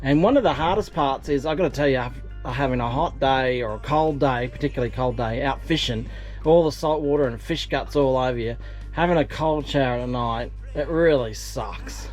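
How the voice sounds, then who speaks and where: A man's voice: medium pitch, moderate pace, faint music behind. A man vlogging from his small fishing boat outdoors, chatty and self-mocking, rambling with fillers. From Australia. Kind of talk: casual vlog narration.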